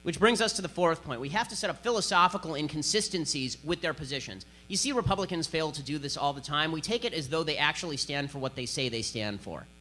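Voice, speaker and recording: A man's voice: a little high, animated, quick pace, few pauses, sharp tone. A man giving a combative political speech to an audience, sarcastic and emphatic. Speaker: conservative speaker.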